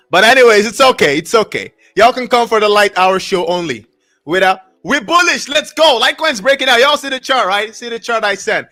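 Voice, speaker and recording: A man hosting a casual live stream, talking in an excitable, repetitive, slangy hype style. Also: sits high, fairly quick, faint music behind. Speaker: livestream host.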